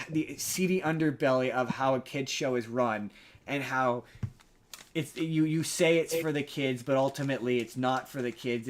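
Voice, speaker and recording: A man's voice: fairly high pitch, slight background noise. Rambling man recapping a movie. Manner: rambling, frequent restarts and fillers. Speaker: podcast host. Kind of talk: casual chat recapping a movie.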